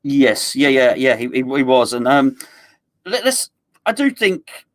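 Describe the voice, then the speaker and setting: A man's voice: mid-range voice, big pitch swings, a little slow, fairly bright tone. A man co-hosting a casual football chat, upbeat and laughing, talking in loose restarting sentences. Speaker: football podcast co-host. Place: indoors, seated next to co-host. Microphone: shared new microphone.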